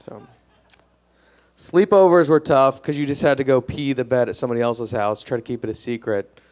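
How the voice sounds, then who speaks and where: A young male comedian talks into a stage mic in a club, deadpan and a little hesitant. His voice is smooth and clear, at a middling pitch. He pokes fun at himself with a shrugging delivery. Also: brisk, some chatter behind. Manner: deadpan, self-deprecating, hesitant with fillers. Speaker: stand-up comedian. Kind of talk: stand-up comedy set.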